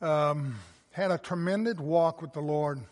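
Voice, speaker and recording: High-pitched preacher guy, slow and fervent, echo tail from a church hall. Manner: impassioned, swings from soft to loud emphasis. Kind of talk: sermon. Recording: long reverb of a hall.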